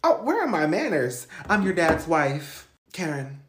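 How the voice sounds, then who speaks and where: A sugary, condescending stepmother talks down to the kids, as a man acts her out. Her pitch bounces brightly around, and the room is echoey. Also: very animated, unhurried, slight background noise. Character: prim, condescending stepmother, woman.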